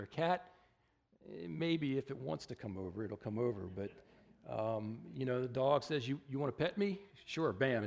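A male pastor gives an easygoing, conversational sermon in a church, his voice at an ordinary middle pitch. He talks plainly and loosely, with dry little asides and plenty of ums and uhs. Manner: relaxed and chatty, with wry asides and many fillers.

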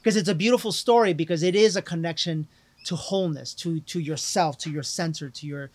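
A man with a slightly higher-than-usual voice tells a personal story as a podcast guest. He talks earnestly and emphatically, circling back with "like" and "you know" as he goes. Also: brisk. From Latino background. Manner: earnest, emphatic, with many repeated fillers. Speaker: guest, life coach.

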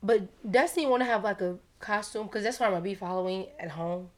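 A woman's voice: mid-range voice, fast talker. Blunt, profane young woman from Chicago. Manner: blunt, profane, laughing banter. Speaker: podcast co-host. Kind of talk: casual chat.

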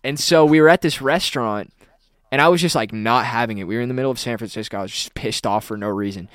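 A man's voice: mid-range voice, fast talker, a bit bright, smooth, dry recording. A young adult man telling a rambling, profane story in casual podcast chat, full of fillers and restarts. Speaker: podcast co-host.

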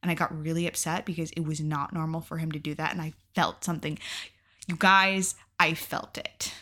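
A woman's voice: low voice, flat delivery, normal speed, sharp tone. A young adult woman vlogger telling a personal story in a casual, candid way, swearing freely and filling her talk with "like.". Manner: candid and profane, with frequent "like" and laughs.

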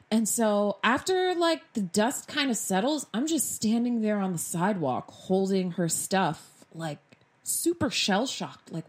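A young woman tells a personal story straight to camera in a relaxed, chatty way. She is animated and dramatic, jumping into the voices of the people in her story. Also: mid-range voice, moderate pace. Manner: animated, dramatic retelling with acted-out quotes. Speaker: vlogger. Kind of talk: casual storytime monologue.

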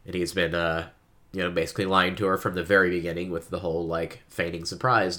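A man's voice: deep voice, fairly even intonation, brisk, sharp tone. A man co-hosting a podcast, chatting casually about a book and giving frequent listener backchannels.

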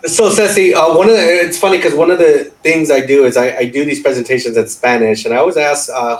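Fast-talking man telling a story on a panel. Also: a little high, roomy sound, slight background noise, rough recording. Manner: quick, anecdotal, mixes Spanish and English. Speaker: panel guest. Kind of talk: panel discussion.

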